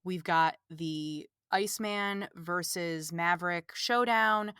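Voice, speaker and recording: A woman hosting a podcast, recapping a movie in casual, animated, exasperated chat full of "like". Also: on the low side, slow, clean tone, no room sound, clean studio sound. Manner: animated, exasperated, fills talk with "like". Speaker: podcast host.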